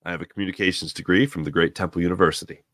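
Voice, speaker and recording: A man hosting a live morning sports talk show, giving opinionated, rambling takes with sudden animated bursts. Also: low-pitched, racing, no echo, clean studio sound. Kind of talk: solo sports radio monologue.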